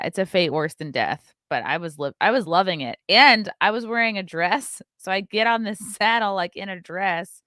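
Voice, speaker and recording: A woman's voice: fairly low pitch, fairly bright tone, no echo, studio quality. A woman in her thirties hosting a casual morning show, chatty and sarcastic, swearing freely. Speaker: show host.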